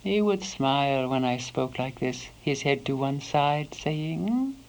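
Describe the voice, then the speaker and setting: A woman playing a slow, soft-spoken devoted housekeeper. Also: rumbling low, animated, exaggerated voice, rough recording. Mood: wistful. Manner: soft-spoken, slips into hushed whispers. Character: devoted elderly housekeeper recalling her employer. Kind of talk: first-person memoir monologue.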